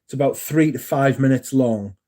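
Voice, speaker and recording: Chatty man, mellow voice. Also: mid-range voice, moderate pace. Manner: chatty, swearing, rambling with asides to viewers. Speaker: livestream host. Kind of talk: casual chat.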